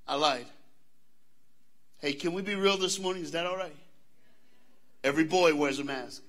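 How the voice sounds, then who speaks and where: A man's voice: on the high side, normal speed, long pauses. A man from the American South with a Southern accent, giving a live motivational speech to students at a school assembly and calling out questions to the crowd. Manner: animated, engages the crowd with call-outs and questions. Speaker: motivational speaker.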